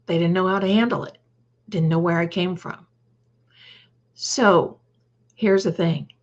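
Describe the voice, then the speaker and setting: A woman's voice: on the low side, measured pace, dull audio. An older woman hosting a live stream, chatting casually, telling a story and greeting viewers by name. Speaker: livestream host.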